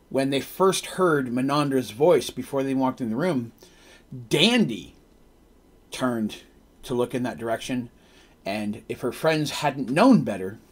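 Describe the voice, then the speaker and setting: A man narrating a tabletop game as its game master on a live stream, rambling with casual asides and correcting himself as he goes. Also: mid-range voice.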